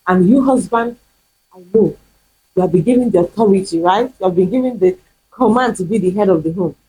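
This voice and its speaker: A woman's voice: medium pitch, brisk, mellow, breathy edge, poor audio. A woman pastor, preaching emphatically in a teaching video, repeating her points and firing rhetorical questions. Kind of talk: sermon-style teaching video.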